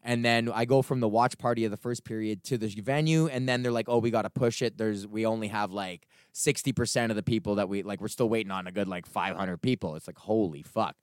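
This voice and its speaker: A young man hosting his own podcast, ranting in a casual, profane, animated way and acting out the people in his stories. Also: lowish voice, fairly quick, hardly any pauses, smooth, no echo, studio quality. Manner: profane, animated storytelling with acted-out quotes. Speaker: podcast host.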